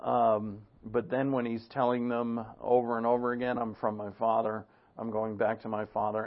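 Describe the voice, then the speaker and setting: A man preaching a sermon with a gravelly, creaky voice and an earnest, conversational delivery. He clears his throat now and then. The recording sounds dull and lo-fi. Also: medium pitch. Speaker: pastor.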